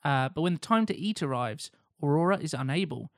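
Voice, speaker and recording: A man co-hosting a podcast, reading out a story pitch in a steady, measured way. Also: no echo, studio quality. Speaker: podcast co-host. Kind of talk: reading a plot pitch aloud, casual chat.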